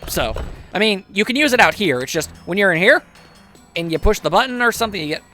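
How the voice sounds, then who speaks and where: A man's voice: high voice, expressive, fast talker, sharp tone, soft background music. A man casually commentating a video game as he plays, chatty and wry, with self-mocking asides. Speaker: gameplay commentator. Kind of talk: casual let's play commentary.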